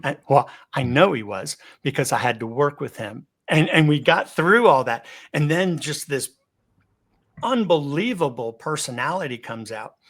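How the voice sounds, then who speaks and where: A man speaking as a guest on a video-call webinar, in a medium voice that keeps moving. He speeds up and climbs in pitch for excitement, then drops low and soft for serious points, often stumbling on a doubled word before he goes on. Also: normal speed. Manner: animated, varies pace, pitch and loudness for emphasis; repeats words when starting a thought. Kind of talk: instructional webinar talk.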